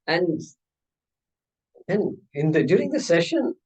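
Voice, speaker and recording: Animated scripture teacher. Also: male voice, on the high side, takes it slowly, husky, poor audio. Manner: animated, playful, acts out dialogues, asks rhetorical questions. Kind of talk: conversational scripture class.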